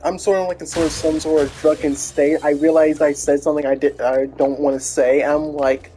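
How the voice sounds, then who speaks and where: A man's voice: a little high, little pitch movement, a little fast, mellow, slightly rough. Rambling man chatting on a game stream. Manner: rambling, full of restarts and fillers. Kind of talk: casual gaming stream chat.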